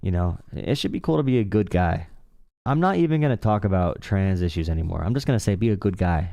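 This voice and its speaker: A man's voice: lowish voice, animated, a little fast, creaky, warm tone, no room sound. A young man hosting a casual political call-in stream, sarcastic and mocking. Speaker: livestream talk show host.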